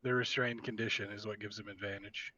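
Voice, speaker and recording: A man's voice: fairly low pitch, little pitch movement, fairly quick, bright, forceful tone, no room sound, highs cut off. A man playing a tabletop game who helpfully explains the rules. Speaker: player.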